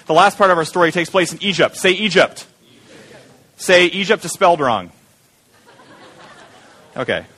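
A man's voice: fairly high pitch, sharp tone, slightly rough. A man preaching a sermon as pastor, joking with the congregation and having them repeat words back. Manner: jokey, engaging the audience with call-and-response.

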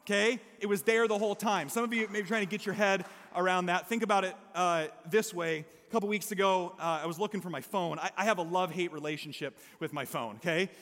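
A man's voice: high-pitched, fast talker, few pauses. A male pastor preaching a conversational sermon to his congregation, mixing humor with earnest emphasis and checking in with "okay?" and "amen?". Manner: lively storyteller who mixes humor with earnest emphasis. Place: church service before a congregation. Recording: long hall reverb.

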